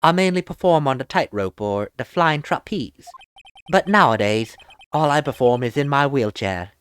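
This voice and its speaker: A woman voicing a gentle, devoted young male circus acrobat in a game, in a deliberately deeper voice, with faint game music behind. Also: expressive, clear, resonant tone. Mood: earnest.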